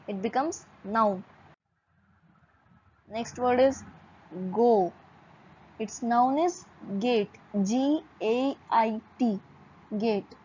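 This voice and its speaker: A woman teaching English vocabulary in a measured lesson, listing words one by one and spelling some out letter by letter. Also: on the high side, a little mellow, highs cut off, slight background noise.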